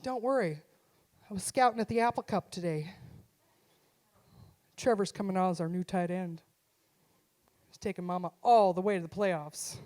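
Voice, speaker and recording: A middle-aged mom does a punchy, self-deprecating stand-up set live on a theater stage, speaking into a stage microphone and acting out her son's voice. Her voice is on the low side and darkish, moving at normal speed with frequent pauses.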